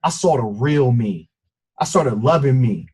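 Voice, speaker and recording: A middle-aged man with a husky, slightly breathy voice tells a deeply personal story with earnest intensity. His pitch sits in the middle range, and he speaks as a guest addressing a team over a call. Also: expressive, measured pace, warm tone. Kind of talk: emotional personal testimony. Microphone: conference call.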